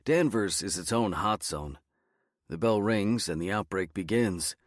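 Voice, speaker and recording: Man reading a horror novel, measured and even, low voice, bone-dry studio sound. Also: no echo. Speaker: audiobook narrator. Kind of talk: scripted first-person narration.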